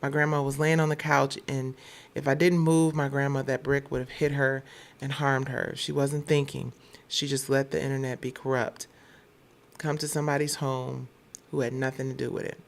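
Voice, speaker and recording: A woman from Detroit hosts a casual news commentary, her voice carrying a gravelly, fry-tinged edge. She talks bluntly and with open irritation, swearing freely as she sounds off. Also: extremely low pitch, little pitch movement, moderate pace. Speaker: show host.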